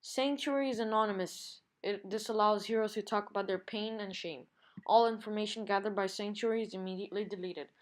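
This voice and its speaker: A woman's voice: medium pitch, brisk, natural voice. A woman reading aloud and voicing a stern, commanding female warrior hero from a comic book.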